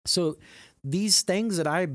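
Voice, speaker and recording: A man's voice: high voice, slow, dry recording, clean studio sound. A man hosting a podcast in casual chat, teasing and prodding his co-host to tell stories.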